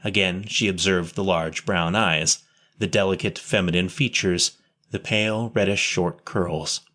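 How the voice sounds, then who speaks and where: A man reading a historical memoir aloud in a measured, plain storytelling way. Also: low voice, steady tone, bright, forceful tone. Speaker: audiobook narrator.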